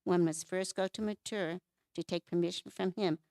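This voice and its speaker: A woman's voice: lowish voice, steady tone, moderate pace, dark tone, no room sound. A woman giving a devotional class at a temple, telling scripture stories and acting out the quoted lines.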